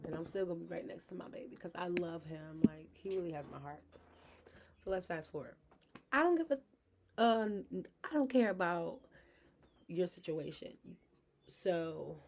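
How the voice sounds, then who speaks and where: Candid mother vlogging, with a gravelly voice. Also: lowish voice, a little mellow, slight background noise. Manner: frank, chatty, addresses viewers directly. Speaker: vlogger, mother of her kids. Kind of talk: candid personal vlog talk.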